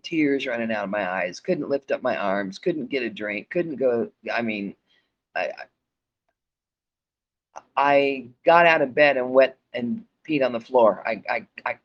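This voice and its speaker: A woman telling a personal story in a casual, profane and blunt way, often laughing. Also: extremely low pitch. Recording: dull lo-fi recording.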